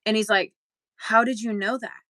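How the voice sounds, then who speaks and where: A young adult woman, a podcast co-host, telling a story in casual chat and acting out quotes with big jumps in pitch. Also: fairly even intonation, moderate pace, pushed and bright, dry recording, poor audio.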